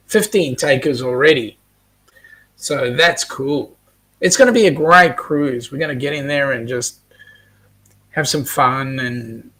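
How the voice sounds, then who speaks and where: Slow-talking Australian man hosting a chat. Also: medium pitch, a bit bright. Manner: chatty, reads out viewer comments, lots of ums. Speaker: host reading live chat. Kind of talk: casual live-stream chat.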